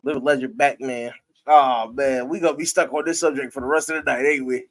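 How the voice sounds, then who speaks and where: A man's voice: medium pitch, fairly even intonation, quick pace. A man hosting a casual live-stream sports talk show, talking loosely with his viewers and breaking into laughter.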